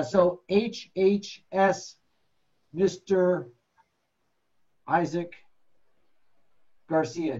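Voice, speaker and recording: A man's voice: fairly high pitch, a little mellow, lo-fi sound. Blunt, joking man teaching medics. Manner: blunt, joking, acts out patient stories. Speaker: paramedic instructor. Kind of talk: classroom lecture.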